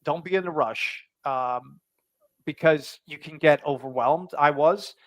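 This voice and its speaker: A man with a fairly high voice chats as a guest on a video call. He hesitates, restarts and leans on fillers as he talks. The sound is dry and close. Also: unhurried, no echo. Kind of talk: casual interview chat.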